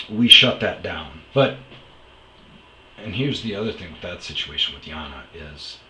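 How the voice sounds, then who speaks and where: Blunt, deep-voiced storyteller, a man. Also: pushed and bright, roomy sound, a little hiss or hum, rough recording. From Wisconsin. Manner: blunt, profane, candid. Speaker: podcast host. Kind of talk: storytelling monologue.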